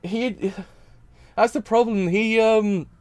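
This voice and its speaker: A man's voice: high voice, fairly even intonation, slow pace, a little mellow, clean tone, dry recording. A man reacting to an anime episode in a casual stream, rambling and repeating himself while crying. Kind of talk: emotional casual reaction talk.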